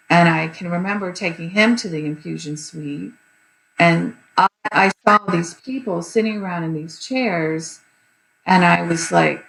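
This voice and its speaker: A gravelly, slightly low-pitched woman in her fifties tells her story in a candid, rambling way, full of pauses. She sounds like she is in an echoey room, with a faint hiss behind her. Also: fairly bright tone. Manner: candid, rambling with many fillers. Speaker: guest. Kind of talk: personal story in an interview.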